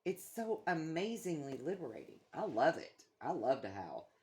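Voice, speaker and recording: A woman's voice: low voice, big pitch swings, moderate pace, a little mellow. A middle-aged woman chatting casually, a blunt, profane storyteller who swears freely. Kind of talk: casual chat.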